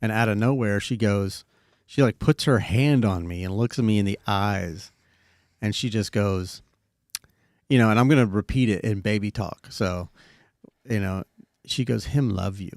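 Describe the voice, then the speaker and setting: Low-voiced man telling a rambling story. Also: normal speed, pauses often, darkish tone, dry recording, studio quality. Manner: rambling, lots of fillers, swears casually. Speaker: podcast host. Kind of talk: casual storytelling chat.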